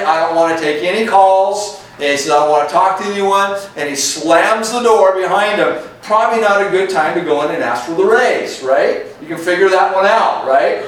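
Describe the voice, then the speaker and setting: Man, pastor, conversational sermon, echoey room, distant mic. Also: sits high. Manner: conversational, frequent "okay?" and "right?" check-ins. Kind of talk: verse-by-verse sermon. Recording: echoey room from far off, faint noise.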